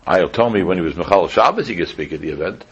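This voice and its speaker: A man's voice: sits low, expressive, fast, a bit bright, husky, lo-fi sound. A man, a rabbi giving an informal Torah lecture in a conversational way, repeating pointed rhetorical questions. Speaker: rabbi teaching a class.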